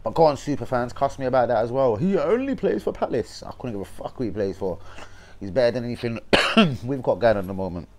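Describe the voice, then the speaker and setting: A man's voice: medium pitch, quick pace, slight background noise. A young man with a London accent, hosting a fan channel livestream as a blunt, sweary rant full of slang. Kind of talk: casual football rant livestream.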